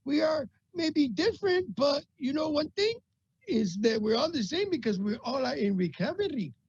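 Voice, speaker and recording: A man co-hosting a video call with comedic banter, talking in halting bursts and repeating his words. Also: very high voice, very animated, no room sound. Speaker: co-host. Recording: dull lo-fi video call audio.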